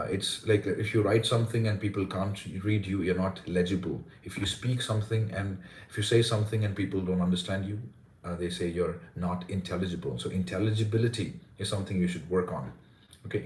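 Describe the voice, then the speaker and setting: Male pronunciation coach, low voice, earnest explainer, live Q&A, roomy echo. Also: darkish tone. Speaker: pronunciation teacher and content creator. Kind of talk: live Q&A lesson.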